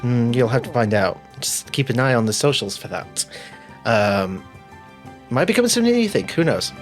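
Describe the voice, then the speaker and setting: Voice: medium pitch, big pitch swings, moderate pace. A game master and show host giving rambling, self-mocking announcements before a tabletop stream, swearing playfully. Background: faint background music.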